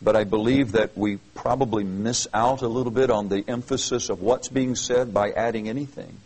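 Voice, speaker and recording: A man's voice: lowish voice, fairly even intonation, normal speed, darkish tone, breathy edge, poor audio. A man preaching an expository sermon, reading verses aloud and explaining them earnestly with emphatic, repeated phrases. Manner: earnest, emphatic, with frequent restarts. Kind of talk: expository Bible teaching.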